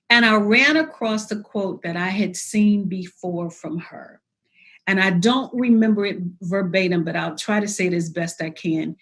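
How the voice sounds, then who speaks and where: A woman's voice: mid-range voice, fairly bright tone. Woman poet telling stories about her writing. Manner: storytelling, acts out her inner voice in quotes. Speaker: poet guest. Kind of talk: reflective conversational interview.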